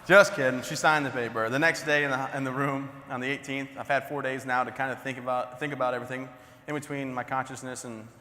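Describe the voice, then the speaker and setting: Bright-voiced man telling jokey stories. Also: mid-range voice, fairly even intonation, fast, a little hiss or hum. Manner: joking, conversational, self-deprecating. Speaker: motivational speaker. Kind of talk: humorous storytelling keynote. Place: large conference hall. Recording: long hall reverb.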